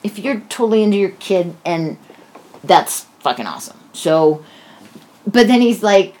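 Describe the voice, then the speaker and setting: A woman's voice: medium pitch, sing-song, unhurried, darkish tone. A woman casually telling a story, blunt and profane, with sarcastic asides.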